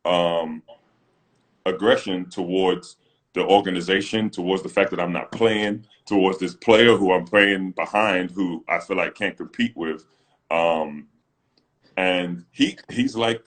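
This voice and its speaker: Unhurried and deep-voiced, a British ex-professional basketball player co-hosts a relaxed livestream recorded on a phone. He tells animated stories, voicing the quotes and laughing frequently.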